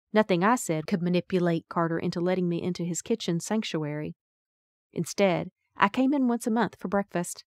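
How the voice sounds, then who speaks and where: A woman's voice: fairly low pitch, no room sound, studio quality. A woman narrating a first-person audiobook in a wry, folksy storytelling manner.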